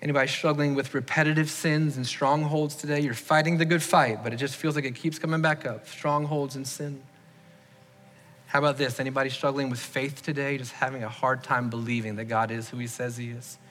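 A man's voice: medium pitch, little pitch movement, brisk, a bit bright. A man preaching a sermon as pastor, earnestly asking the congregation to raise their hands. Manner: earnest, leads the congregation in raised-hand questions. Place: church sanctuary. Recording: long hall reverb.

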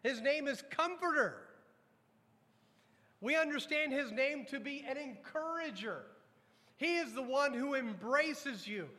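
A pastor preaching a sermon to his congregation, emphatic, questioning the room and dropping low and slow on weighty lines. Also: animated, bright, forceful tone, in a large hall. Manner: addresses congregation directly with repeated questions. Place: church sanctuary.

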